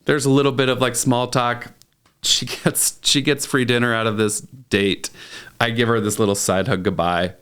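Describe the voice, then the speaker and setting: Guy in his 30s hosting a podcast, mid-pitch voice, tells stories with lots of little laughs. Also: normal speed, clean tone. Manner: animated anecdote-telling, chuckling often. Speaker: podcast host and plastic surgeon. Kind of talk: casual storytelling chat.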